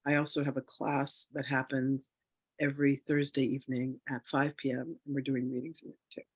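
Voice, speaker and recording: A man leading a spiritual reading in a relaxed, chatty way with a bit of self-joking. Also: mid-range voice, moderate pace, breathy edge, dry recording. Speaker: spiritual teacher doing a reading. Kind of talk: casual spiritual session.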